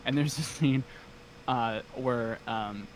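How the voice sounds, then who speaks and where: A man's voice: medium pitch, slow. Man, podcast guest, casual chat, lots of ums and restarts, eager, faint background hiss. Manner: hesitant, full of ums and restarts; enthusiastic fan talk.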